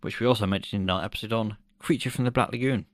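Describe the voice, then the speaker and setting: A man's voice: lowish voice, very fast, dry recording, studio quality. A man co-hosting a podcast in casual chat, laughing often and swearing loosely. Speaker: podcast co-host.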